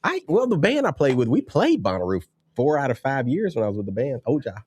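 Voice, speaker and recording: A man's voice: medium pitch, sing-song, a little fast, a little mellow, breathy edge. A man who is a musician and podcast guest, chatting in an easygoing, enthusiastic way. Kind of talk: casual chat.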